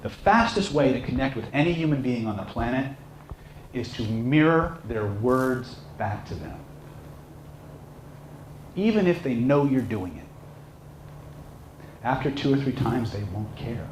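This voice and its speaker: Animated male seminar trainer, echoey room. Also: mid-range voice, measured pace, long pauses. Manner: animated, acts out shouting characters in stories. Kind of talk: live seminar teaching with storytelling. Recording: echoey room with faint noise.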